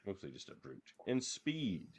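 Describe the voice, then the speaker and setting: A man's voice: lowish voice, very animated, normal speed, a little mellow, slight background noise. A man co-hosting a casual podcast, reading out categories and teasing his co-host with confidence. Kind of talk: casual chat.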